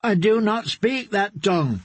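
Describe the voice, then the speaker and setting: A man's voice: high voice, expressive, a little slow, husky, no echo, voice pushed up, heavily acted. A man voicing an earnest, timid young man who pleads and protests in an audiobook. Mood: earnest pleading.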